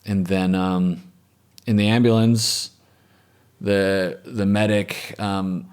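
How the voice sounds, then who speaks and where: A man as an interview guest, telling a personal story in a reflective, matter-of-fact way that often trails off softly. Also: deep voice, little pitch movement, slow pace, clear, resonant tone. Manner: reflective, matter-of-fact, with frequent restarts and trailing soft phrases.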